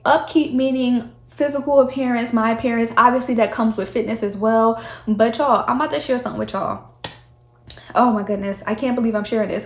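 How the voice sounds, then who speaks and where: A young woman, talking candidly to camera in a casual vlog, her voice a little shaky from the cold. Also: fairly high pitch. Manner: chatty, candid, addresses viewers as y'all. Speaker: vlogger. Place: chilly room at home. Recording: echoey room.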